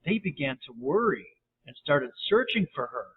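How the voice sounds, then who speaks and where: A man narrating a bedtime story gently, with lively read-aloud voices. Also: a little high, moderate pace. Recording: tinny phone-like audio, faint hiss.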